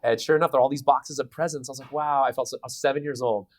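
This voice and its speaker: A man's voice: mid-range voice, racing, no room sound. Thirties guy, voice actor, chatty storyteller at a con interview, lots of restarts. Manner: animated storytelling with many restarts and playful voices. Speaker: voice actor guest. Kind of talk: convention interview. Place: convention venue.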